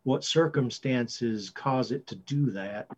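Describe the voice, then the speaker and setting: A man's voice: medium pitch, slow pace, a little mellow, breathy edge. A man speaking in character as a player, polite and hesitant with many fillers. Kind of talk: in-character tabletop play. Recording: dull lo-fi mic.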